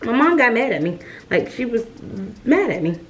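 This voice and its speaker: A young woman telling a storytime vlog, chatty and lively, calling her viewers y'all. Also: fairly high pitch, normal speed. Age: young adult. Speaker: vlogger.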